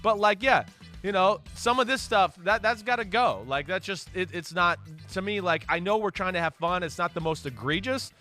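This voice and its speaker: A man's voice: high voice, normal speed, pushed and bright, soft background music. A man co-hosting a sports talk show, talking in a conversational, earnest way with lots of fillers. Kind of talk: casual studio sports talk.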